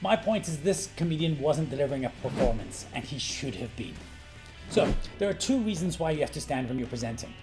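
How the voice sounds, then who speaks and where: A middle-aged man coaching on presentations in a brash, animated vlog style, swearing freely for emphasis. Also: a little high, fairly quick. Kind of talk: energetic talking-head vlog. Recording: faint guitar music underneath.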